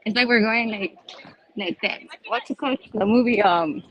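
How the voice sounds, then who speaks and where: A woman's voice: on the high side, moderate pace, highs cut off, slight background noise. A woman chatting casually on a phone live stream while walking outdoors by a pond, exclaiming and laughing often. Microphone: phone held while walking.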